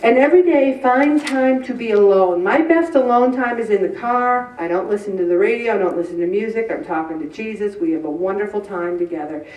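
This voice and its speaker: A woman's voice: medium pitch, a little fast, hardly any pauses, a little mellow. A middle-aged woman giving a humorous, chatty faith talk on stress, joking and acting out little exchanges. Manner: chatty, jokey, acts out little quoted exchanges. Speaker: inspirational speaker. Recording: echoey room, mic at a distance.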